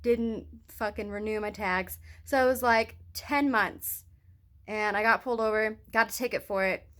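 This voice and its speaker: A woman's voice: mid-range voice, normal speed. A young woman vlogging into a hand-held phone, telling a rambling story full of casual swearing. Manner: profane, rambling, animated storytelling.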